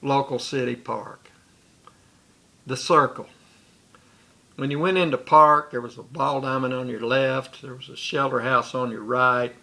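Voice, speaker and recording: Gravelly-voiced man telling an old story. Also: mid-range voice, fairly even intonation, measured pace, long pauses, pushed and bright. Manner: rambling, with restarts and asides. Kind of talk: recounting a personal memory.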